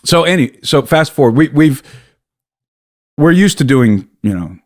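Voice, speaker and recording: An American man, a podcast guest, telling a story in an animated way, often breaking off and restarting his sentences. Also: fairly high pitch, measured pace, dry recording, clean studio sound. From United States. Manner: animated, self-interrupting storyteller. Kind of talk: casual storytelling.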